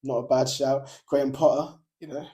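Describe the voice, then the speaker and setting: A young man hosting a casual football podcast, animated and laughing often as he talks. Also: medium pitch, moderate pace. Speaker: podcast host.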